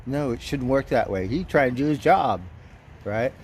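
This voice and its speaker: A man's voice: mid-range voice, moderate pace, a little hiss or hum. A man livestreaming outdoors, telling a story in a casual, profane way, chuckling as he goes. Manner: profane, chuckling, animated retelling.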